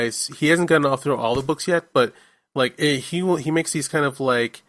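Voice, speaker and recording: A man's voice: mid-range voice, sharp tone, no room sound. A man hosting a casual podcast discussion, talking enthusiastically and rambling with many fillers. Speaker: podcast host.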